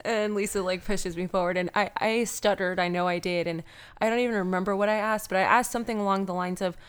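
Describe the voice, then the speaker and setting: A woman's voice: medium pitch, steady tone, fast, smooth. A young adult woman co-hosting a casual fan chat, giggly and a bit self-conscious as she tells her side of the story.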